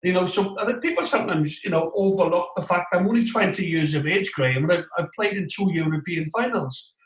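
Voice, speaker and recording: Man, 40s, ex-player guest, animated raconteur, slightly high voice, echoey room. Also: a little fast. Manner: animated, tells stories with lively quoted voices. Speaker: guest, former footballer. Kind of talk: casual interview storytelling. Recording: roomy echoey room sound.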